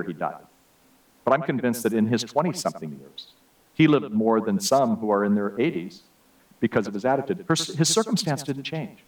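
A man's voice: on the low side, recorded from a distance, rough recording. Conversational male preacher heard from afar. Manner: conversational storytelling with many asides. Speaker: guest preacher. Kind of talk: sermon. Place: church.

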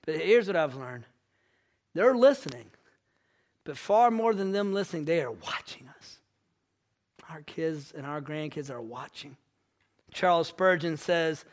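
High-voiced pastor preaching. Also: male voice, unhurried, long pauses. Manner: storytelling, animated and self-mocking. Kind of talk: sermon.

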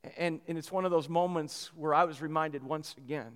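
High-voiced man preaching in a hall. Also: fairly quick, smooth. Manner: animated storyteller with many restarts. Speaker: pastor. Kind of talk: sermon storytelling.

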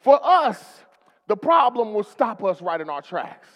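Preacher, male, rousing sermon with call-and-response, high and lively voice, long church reverb. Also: a little slow, highs cut off. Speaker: pastor.

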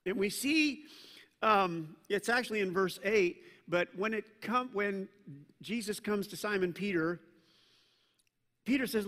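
Pastor guy preaching, kinda high bright voice, lots of reverb, acts out the bible bits. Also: a little slow, long pauses. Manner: animated storytelling, acts out scripture voices; self-deprecating asides. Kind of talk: sermon.

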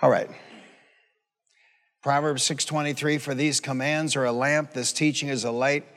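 Man in his sixties, pastor, folksy sermon, mid-pitched voice, long hall reverb. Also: little pitch movement, moderate pace, fairly bright tone. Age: 60s. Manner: folksy, conversational preaching with asides and call-and-response questions. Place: church sanctuary.

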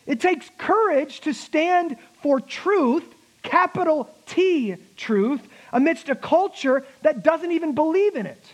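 A pastor preaching a sermon, emphatic, with laughing asides and slowed-down key words. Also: male voice, extremely high pitch, expressive, rough recording.

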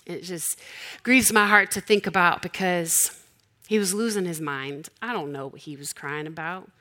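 A woman's voice: on the low side, normal speed, bright, forceful tone. A woman in her forties preaching a sermon, telling stories in a conversational, humorous way.

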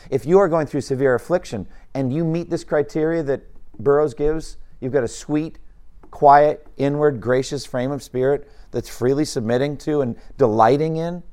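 Male Bible teacher, mid-pitch, chatty sermon delivery with asides and restarts. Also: a little mellow. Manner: informal, musing asides with restarts.

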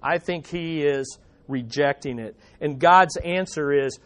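A man preaching a sermon at a church service, animated, putting rhetorical questions to the congregation. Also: a little high, measured pace. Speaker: pastor.

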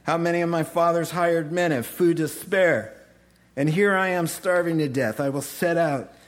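A man's voice: a little high, moderate pace, close to an everyday voice. A man voicing a remorseful young runaway son, pleading and self-reproaching as he reads the quote aloud in a sermon.

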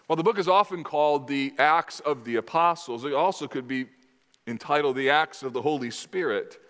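A man preaching a sermon in a measured, emphatic way, putting questions to the congregation. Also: a little high, a bit bright. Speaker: pastor. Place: church sanctuary. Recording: long reverb in a large hall.

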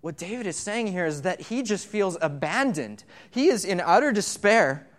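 A man's voice: high-pitched, lively intonation, normal speed. A man preaching in a church, talking casually with the congregation and often repeating words as he starts a phrase. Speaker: pastor. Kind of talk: sermon with congregation interaction. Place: church sanctuary.

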